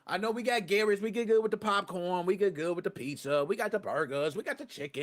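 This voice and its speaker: A man hosting a live gaming podcast, talking casually to his chat with excitable bursts and rants and plenty of swearing. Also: high-pitched, quick pace, few pauses. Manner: talks to live chat viewers. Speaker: podcast host.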